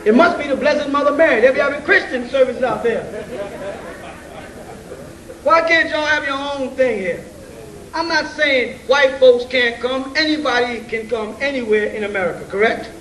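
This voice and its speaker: A man's voice: very high voice, normal speed, long pauses, a bit bright. A man giving an informal, slangy lecture to a room of listeners. He jokes, chuckles between points and keeps asking rhetorical questions. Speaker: lecturer addressing an audience. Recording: roomy, distant, faint hiss.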